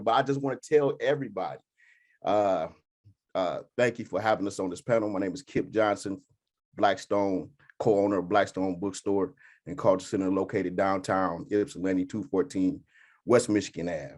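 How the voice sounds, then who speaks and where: A man co-owning a bookstore, speaking on a panel in a folksy, halting way, often laughing. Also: low voice, a little mellow. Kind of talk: casual panel talk.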